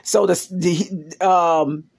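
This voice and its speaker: A woman's voice: lowish voice, fairly even intonation, extremely slow, darkish tone, breathy edge. A woman vlogger telling family stories in a rambling, casual way, with many fillers and side remarks. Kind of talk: casual storytelling vlog.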